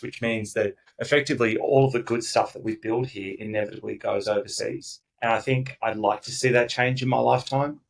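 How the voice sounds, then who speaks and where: A company founder, guest on a casual podcast interview, talks emphatically and enthusiastically, acting out the voices of the people he quotes. His medium-pitched voice is gravelly and steady in tone, moving fairly quickly with few pauses. He's far from the mic, and the recording is rough.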